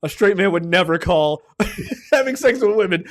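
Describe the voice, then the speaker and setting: A man with a slightly high voice co-hosting a casual film review podcast. He talks fast, joking and cutting in over the others. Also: lively intonation. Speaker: podcast co-host.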